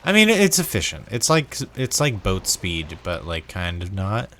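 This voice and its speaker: A man's voice: sits low, wildly swooping pitch, measured pace, a bit bright, a little hiss or hum. A sleep-deprived man from the United States, rambling casually to viewers while playing a game, repeating words and drifting between asides. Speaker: gaming vlogger. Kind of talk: rambling casual gameplay chat.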